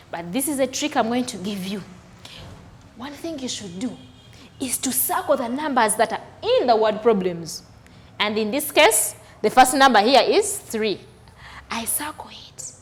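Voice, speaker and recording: A woman teaching a children's maths lesson, speaking slowly and deliberately, asking the viewer questions and counting aloud. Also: high voice. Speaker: primary school maths teacher. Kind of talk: recorded classroom lesson for children.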